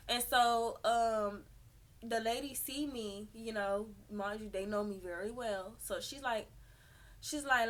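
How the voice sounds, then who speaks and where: Animated young woman telling a story. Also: fairly high pitch, unhurried. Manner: animated, profane, acts out quotes. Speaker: vlogger. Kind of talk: storytime vlog.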